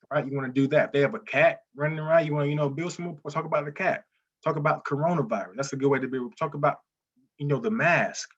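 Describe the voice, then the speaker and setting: A man teaching real estate wholesaling in a live webinar, energetic and repetitive, often saying "listen, man". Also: medium pitch, fast talker, breathy edge, muffled recording.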